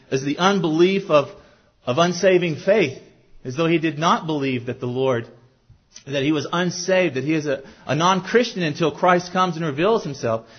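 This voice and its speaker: A fairly high-voiced man preaching a sermon in a church sanctuary. He speaks earnestly and keeps putting questions to the congregation. The recording is dull and lo-fi. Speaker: pastor.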